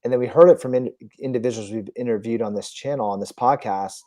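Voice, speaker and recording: A man co-hosting a podcast in casual talk, animated and incredulous. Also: medium pitch, fast. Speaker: podcast co-host. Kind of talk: casual market discussion.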